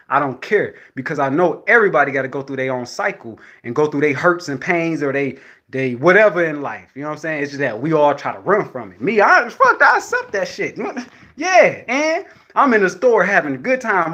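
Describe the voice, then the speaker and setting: This vlogger's voice sits a little high, pushed and bright, as he tells viewers a casual story. His talk is heavy with slang and swearing, and "you know what I'm saying" keeps coming up.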